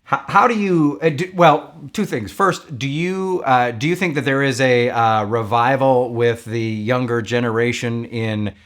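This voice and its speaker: A man's voice: medium pitch, a little slow, hardly any pauses, fairly bright tone. An older man hosting a conversational interview, responding in an affirming way with frequent restarts. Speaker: podcast host.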